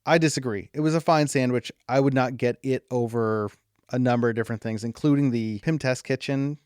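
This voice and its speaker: A man's voice: medium pitch, fairly even intonation, a little fast, a little mellow, clean tone, dry recording, clean studio sound. A man co-hosting a podcast in casual chat, a parent who laughs often and wanders into asides. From California. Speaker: podcast co-host.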